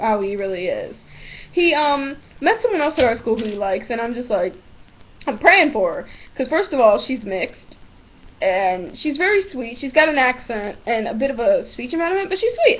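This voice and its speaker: A teenage girl telling a story in a vlog, blunt and animated, swearing freely. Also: high voice. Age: teens. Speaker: vlogger. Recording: dull lo-fi webcam audio.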